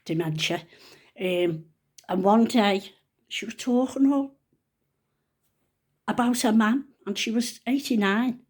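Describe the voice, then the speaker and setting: A woman's voice: a little high, slow, pauses often, a little mellow. A woman in her seventies telling funny stories to camera in a chatty, rambling, down-to-earth way. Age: 70s. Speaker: vlogger. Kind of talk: casual storytelling to camera.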